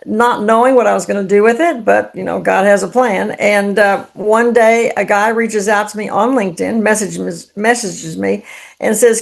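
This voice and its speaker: Gravelly-voiced woman, chatty guest. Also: medium pitch, fairly even intonation, moderate pace. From United States. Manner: enthusiastic, conversational, uses "if you will". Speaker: guest, LinkedIn strategist. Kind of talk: casual interview.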